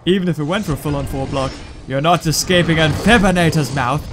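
A man giving excitable gameplay commentary, thinking out loud and breaking into sudden high yelps. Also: fast talker. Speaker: gaming YouTuber. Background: game music.

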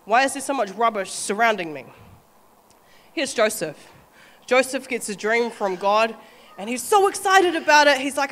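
A woman with a New Zealand accent preaching a sermon, animated and often acting out quoted voices with light laughter. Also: on the high side, moderate pace, long reverb tail.

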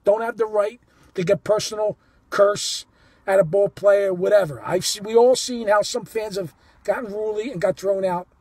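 Fired-up high-voiced man ranting. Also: breathy edge, no echo. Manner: animated and indignant, profane, repeats himself. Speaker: baseball fan telling a story. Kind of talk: heated first-person storytelling.

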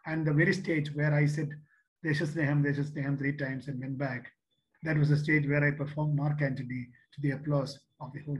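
An older man from Kerala speaks in Indian English, recalling his school days in a reflective, storytelling way. His voice sits a little higher than most men's, and he often pauses and restarts his sentences as he tells stories to young listeners. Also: rough recording. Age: 60s. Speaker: seminar speaker. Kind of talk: motivational talk to youth.

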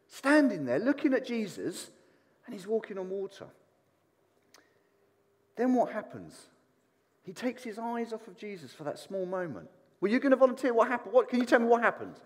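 Animated preacher in a reverberant hall. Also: male voice, high voice. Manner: animated, asks the congregation questions. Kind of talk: sermon. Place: church hall.

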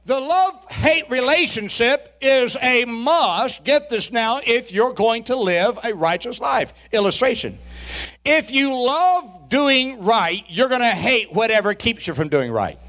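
A man with a strikingly high voice preaches in a church sanctuary. He moves between slow, drawn-out emphasis and shouted peaks, calling for responses from the congregation. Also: lively intonation. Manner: folksy, humorous asides to the congregation. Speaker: pastor. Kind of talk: sermon.

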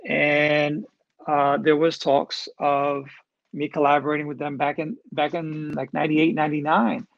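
A man's voice: on the high side, flat delivery, unhurried, vocal fry, dry recording, highs cut off. A man in his fifties hosting a casual live-streamed Q&A, answering questions in a loose, chatty way with lots of fillers. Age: 50s. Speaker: host answering audience questions.

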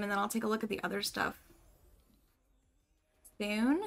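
A woman's voice: medium pitch, fairly even intonation, moderate pace, gravelly, fairly bright tone, soft background music. A young woman streamer chatting casually and thinking aloud while she plays a game, with lots of "like" and "um" as she talks. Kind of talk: casual live gameplay commentary.

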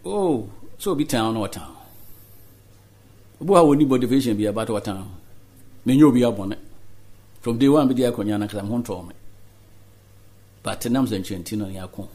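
A Ghanaian politician giving earnest interview answers, mixing Twi and English. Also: male voice, lowish voice, expressive, moderate pace, long pauses, mellow, husky.

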